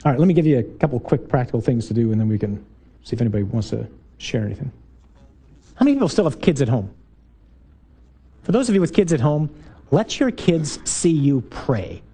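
A man, a priest, giving an emphatic, animated talk to a parish group, full of rhetorical questions and punchy repeated lines. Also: medium pitch, a little fast, long pauses, breathy edge.

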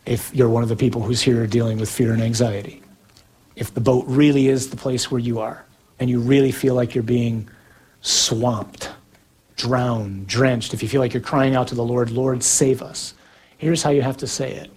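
Husky-voiced man preaching emphatically. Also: mid-range voice, steady tone, a little mellow. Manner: earnest, emphatic teaching with dramatic pauses. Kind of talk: sermon.

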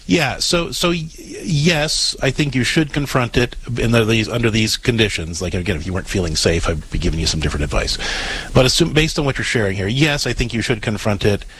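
A man's voice: mid-range voice, lively intonation, a little fast, a bit bright, slightly rough, poor audio. A man hosting a call-in advice show, explaining earnestly and often repeating words as he starts sentences. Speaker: radio advice show host.

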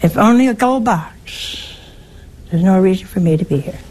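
A woman's voice: medium pitch, animated, moderate pace, a little mellow, rough recording. A woman giving a spiritual teaching talk, wry and teasing, with emphatic turns. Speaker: religious speaker.

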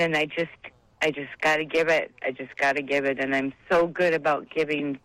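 A woman's voice: low-pitched, fairly even intonation, brisk, a bit bright, no room sound, poor audio. A woman calling in to a religious radio show, speaking emotionally and rambling about grief and faith over the phone. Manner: heartfelt, tearful, rambling. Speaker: caller. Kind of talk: emotional call-in testimony.

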